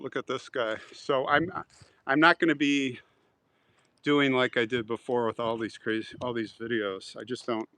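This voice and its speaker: A man on a live outdoor stream, chatting casually and joking with his viewers, now and then clearing his throat. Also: medium pitch, a bit bright, low-quality recording. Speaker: vlogger reading live chat. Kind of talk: casual live-stream chat while walking a cemetery. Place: outdoor cemetery.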